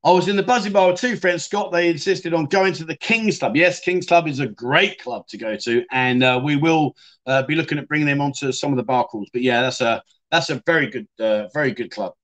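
A middle-aged man hosts a relaxed livestream, reading viewer comments aloud and joking with his audience. His voice sits a bit higher than most men's, and his delivery is loose and chatty. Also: brisk. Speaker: livestream host.

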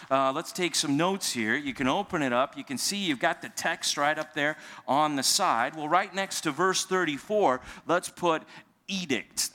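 Male pastor, conversational sermon, bright tone, reverberant church hall. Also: fairly high pitch. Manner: conversational preaching, explaining scripture with paraphrased asides. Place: church sanctuary.

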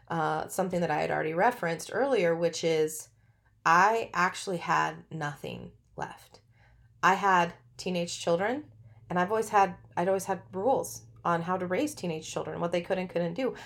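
A middle-aged woman hosting a podcast, telling her own story in a candid, chatty way and often laughing mid-sentence. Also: mid-range voice. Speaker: podcast host. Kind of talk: personal storytelling monologue.

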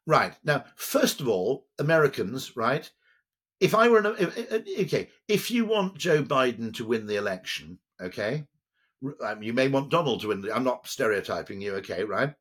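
An older man with a British accent talks as a podcast guest, rambling from point to point. His voice is husky, and his pitch swoops up and down with a lot of energy. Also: moderate pace. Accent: British English. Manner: animated, digressive, tags lines with "okay?". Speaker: guest, advertising executive. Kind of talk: lively podcast conversation.

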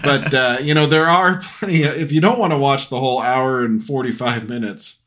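A man's voice: mid-range voice, normal speed, fairly bright tone, slight background noise. A middle-aged man co-hosting a casual podcast with his son, rambling with many fillers and restarts. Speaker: podcast co-host, father. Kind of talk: casual chat.

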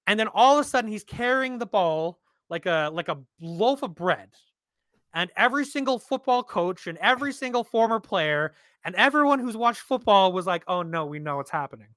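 A man's voice: high-pitched, moderate pace, no echo. A man co-hosting a casual sports podcast, talking bluntly and with swearing. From Canada. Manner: animated, blunt, swears freely. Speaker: podcast co-host.

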